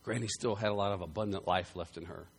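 A man preaching a sermon, telling a story with loud bursts that drop to quiet, earnest passages. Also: fairly low pitch, quick pace, slightly rough. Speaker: pastor.

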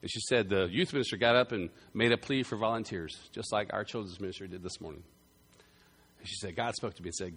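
A man preaching a sermon, telling a story with loud bursts that drop to quiet, earnest passages. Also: fairly low pitch, fast, husky. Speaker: pastor.

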